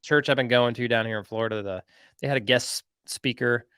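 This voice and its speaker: A man's voice: mid-range voice, fairly quick, fairly bright tone, clean tone, no echo. A man hosting a podcast, telling a story in a casual, rambling way, full of "like" and "right?". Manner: chatty, rambling, lots of "like" and "right?". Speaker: podcast host.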